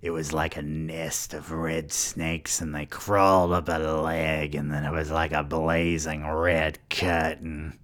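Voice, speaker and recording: A man's voice: very deep voice, level tone, takes it slowly, few pauses, fairly bright tone, heavily acted. A man voicing a brash, boastful older woman at a bar who talks bluntly and crudely, reading a story aloud.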